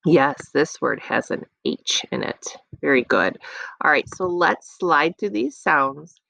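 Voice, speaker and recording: A woman teaching young children a phonics lesson, patiently encouraging them and sounding out letters slowly, recorded on a dull lo-fi setup. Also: low voice, animated, gravelly, bright, forceful tone, dry recording. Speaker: elementary school teacher.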